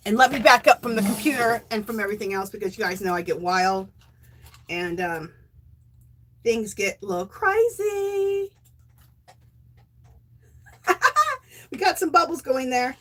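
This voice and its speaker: A woman's voice: medium pitch, expressive, fairly quick, a bit bright. A middle-aged woman hosting a casual craft livestream from home, bubbly, laughing often and thanking viewers by name. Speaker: livestream host of a knitting and crochet show.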